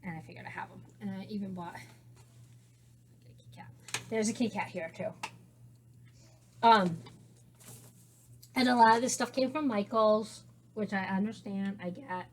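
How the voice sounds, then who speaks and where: Speaking at a measured pace with long pauses, this mid-range female voice belongs to a teacher hosting a knitting podcast. She rambles casually through a show-and-tell of her craft supplies at home, full of restarts and fillers, and there's slight background noise.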